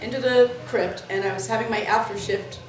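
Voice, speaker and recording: A woman from Florida tells ghost stories in a loose, animated, tangent-hopping way, full of uh's and restarts. She sits some distance from the mic in a boomy, echoing room. A faint hum of background noise runs under her voice. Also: fairly quick. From Florida, USA. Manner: animated, lots of fillers, jumps between tangents. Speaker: club worker interviewee. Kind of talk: rambling anecdotal storytelling. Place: indoors, in the club building.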